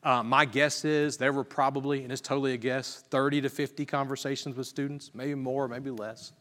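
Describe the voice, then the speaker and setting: A man's voice: mid-range voice, level tone, brisk, a bit bright. A man, a pastor, telling a story in earnest sermon style, growing more emphatic as he preaches. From Virginia. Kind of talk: sermon testimony. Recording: reverberant hall.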